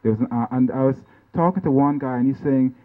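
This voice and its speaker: A man from Guyana gives a loose, conversational talk about his artwork while slides are shown. His voice sits at an ordinary middle pitch, and he speaks haltingly, restarting phrases and checking in with "right?" and "you know". The recording is thin and tinny, like sound over a phone line. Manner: halting, many restarts, tag questions. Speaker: artist giving a talk. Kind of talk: informal lecture over slides. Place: lecture venue.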